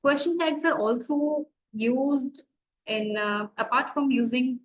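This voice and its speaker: A woman's voice: sits high, slow, low-quality recording. A woman college lecturer with an Indian English accent, teaching grammar and asking and answering her own questions.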